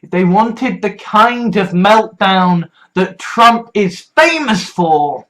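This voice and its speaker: A speaker talks quietly into a vlog, stopping and restarting and repeating words. The voice sits mid-range and moves slowly, and at times it sinks almost to a whisper. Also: mid-range voice, lively intonation, low-quality recording. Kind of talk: confessional vlog monologue.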